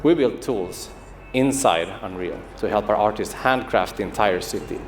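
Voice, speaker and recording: A man, a game studio's creative director, giving a polished, measured scripted presentation. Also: on the low side, a little hiss or hum. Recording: roomy studio video with music underneath. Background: music.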